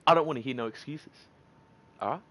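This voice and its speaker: An Australian man chatting excitably while streaming a shooter game, swinging from loud outbursts to low muttering. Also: quick pace. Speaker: gaming streamer. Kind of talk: live gameplay commentary. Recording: gunfire and battle noise behind.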